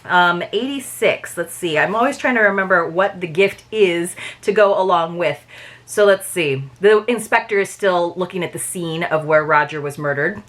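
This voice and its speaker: A woman's voice: fairly low pitch, normal speed, a bit bright. A woman reviewing a subscription book box in a chatty, casual way, laughing at herself and reading excerpts aloud. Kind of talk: casual review vlog with read-aloud passages.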